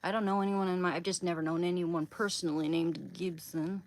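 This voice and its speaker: Chatty low-voiced woman livestreaming. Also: fairly even intonation, brisk, darkish tone, poor audio. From Oregon, USA. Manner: rambling, chatty, greets viewers by name. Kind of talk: casual livestream chat.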